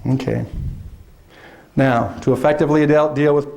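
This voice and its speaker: A man giving a lively workshop lecture to teachers, often acting out teachers in put-on voices. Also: fairly high pitch, normal speed, vocal fry, a little hiss or hum. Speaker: workshop presenter. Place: lecture hall.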